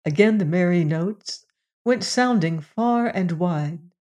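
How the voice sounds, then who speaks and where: A woman narrating a storybook with a steady, even read-aloud delivery. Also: on the low side, slow.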